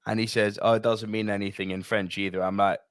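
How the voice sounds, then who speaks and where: A British man co-hosting a podcast, telling stories in a casual, animated way with lots of swearing and sudden jumps in pitch. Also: fast talker. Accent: British English. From England. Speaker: podcast co-host. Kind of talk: casual chat.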